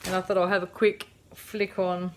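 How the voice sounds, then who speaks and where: This vlogger, an Australian woman in her thirties, talks casually from her home kitchen in a rambling, chatty way full of fillers. Her lowish, slightly mellow voice is flat and moderately paced, with slight background noise.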